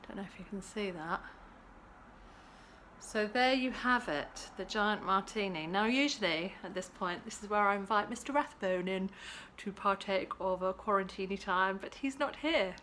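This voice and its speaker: A woman's voice: mid-range voice, normal speed, fairly bright tone, slight background noise. A woman hosting a casual cocktail-making vlog at home, chatty and playful. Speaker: host.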